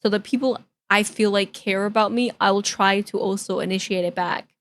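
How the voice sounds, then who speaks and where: A woman's voice: mid-range voice, steady tone, fairly quick. A woman VTuber streamer chatting casually to her stream, candid and rambling, venting with some exasperation. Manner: candid, rambling, with restarts and repeated phrases. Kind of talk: casual reaction-stream chat.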